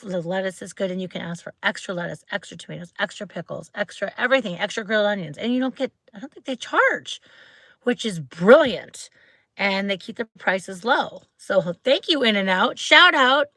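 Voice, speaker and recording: A bright, clear-voiced woman with a Wisconsin Midwestern accent hosts a casual livestream, talking straight into the close mic. She rambles chattily and keeps firing questions at her viewers. The sound is dry, with no room echo. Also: mid-range voice. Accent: Midwestern American (Wisconsin). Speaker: livestream host.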